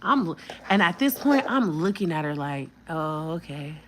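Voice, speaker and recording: A woman's voice: lowish voice, very animated, moderate pace, heavy background noise. A woman in her thirties telling a personal story on a vlog, blunt and emphatic with plenty of cursing.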